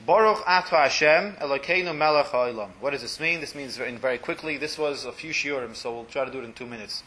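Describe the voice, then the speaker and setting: A man's voice: mid-range voice, fast. A man teaching a religious class to a small group, translating blessings phrase by phrase and often letting his voice drop to a murmur. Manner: explanatory, translating Hebrew phrases line by line, often trails off quietly.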